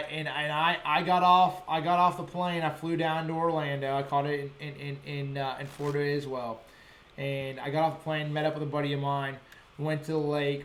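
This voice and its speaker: A man hosting a fishing show, telling fish stories in casual, excited chat with sound effects and frequent restarts. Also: on the high side, roomy sound, a little hiss or hum.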